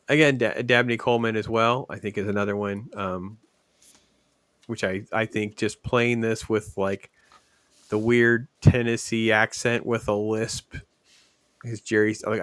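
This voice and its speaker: A man hosting a casual podcast film discussion, relaxed and rambling with fillers. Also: on the low side, unhurried, dry recording. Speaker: podcast host.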